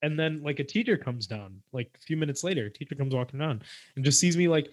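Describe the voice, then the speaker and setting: A young man co-hosting a podcast, telling stories in a casual chat with loud outbursts and mumbled asides. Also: on the high side, fast, dry recording. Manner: animated storytelling, swings from mumbling to loud outbursts. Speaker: podcast co-host.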